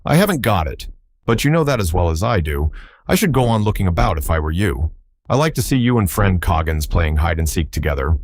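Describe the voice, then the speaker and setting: A man voicing a cheerful, flippant young English gentleman detective, breezy and unflappable. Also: sits low, big pitch swings, brisk, no room sound, clean studio sound.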